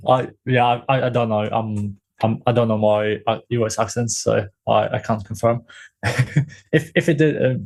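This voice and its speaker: A man's voice: mid-range voice, measured pace, gravelly, a little mellow. A man hosting a podcast, chatting casually, often stammering and repeating words with little laughs. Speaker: podcast host. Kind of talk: casual chat.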